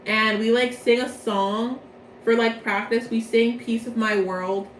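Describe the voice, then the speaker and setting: A young woman, her voice sitting a little high, retells a story in a loose, slangy, playful ramble. The recording sounds roomy, with a faint hiss underneath. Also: steady tone, unhurried. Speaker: vlogger. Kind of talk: casual plot recap from memory.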